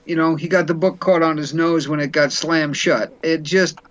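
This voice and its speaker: Radio guest commentator: man with a high voice, blunt and sarcastic, folksy, on dull lo-fi audio. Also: fairly even intonation, normal speed, a bit bright. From New York.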